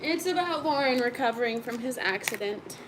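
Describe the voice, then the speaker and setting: A woman's voice: on the high side, lively intonation, brisk, background noise. A young woman co-hosting a casual live stream, chatting sleepily and reading viewer comments aloud.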